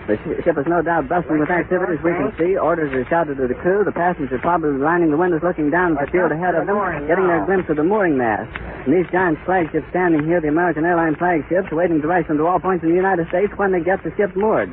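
A man's voice: fairly high pitch, fast talker, a crowd in the background. A man giving live on-scene radio commentary outdoors at an airfield, with flowery, emphatic description. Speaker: radio reporter. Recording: tinny 1930s radio archive with loud hiss.

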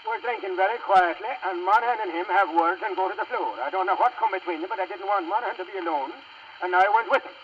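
Man playing Irish brawler, fairly high voice, chatty and proud, dull old record. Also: a little hiss or hum, lightly acted. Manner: chatty brogue storytelling. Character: brawling Irish drinker, grown man, cheerful and loyal.

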